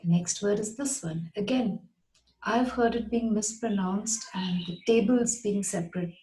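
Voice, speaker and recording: A woman teaching English pronunciation in a patient way, saying each word slowly and repeating it. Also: medium pitch, dark tone, reverberant, poor audio. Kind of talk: slow, deliberate pronunciation lesson.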